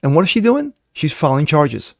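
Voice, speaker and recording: A man's voice: on the high side, sing-song, moderate pace, gravelly, a little mellow, dry recording, clean studio sound. A man giving sarcastic commentary on news stories, reading articles aloud with mocking asides. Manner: sarcastic, mocking asides between read-out passages. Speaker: commentary vlogger.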